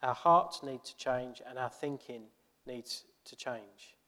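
A man's voice: medium pitch, slow pace, bright, forceful tone, long reverb tail. A male pastor preaching a sermon in a church, earnest and conversational, with many rhetorical questions.

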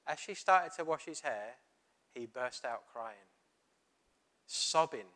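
Bright-voiced man preaching. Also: medium pitch, slow. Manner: storytelling, animated, retelling dialogue. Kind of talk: sermon with personal story.

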